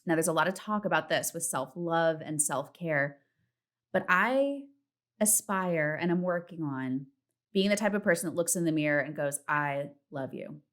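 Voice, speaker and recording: A woman in her thirties hosting a casual solo podcast from home, chatty and candid, swearing freely and acting out her self-talk in a high voice. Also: moderate pace. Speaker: podcast host. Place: home, partner in the next room.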